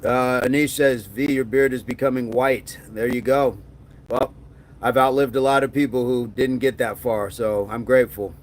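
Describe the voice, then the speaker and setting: With fairly even intonation, medium pitch, and normal speed, this middle-aged man talks casually while hosting a livestream. Reading out viewer comments along the way, he stays loose and jokey, frequently shifting into a mock movie-gangster voice for punchlines.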